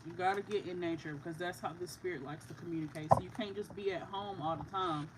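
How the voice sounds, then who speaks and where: A psychic card reader with a fairly low voice gives a casual, heartfelt reading at a quick pace, rambling with lots of "like" and restarts. The recording is very noisy, with music playing in the background.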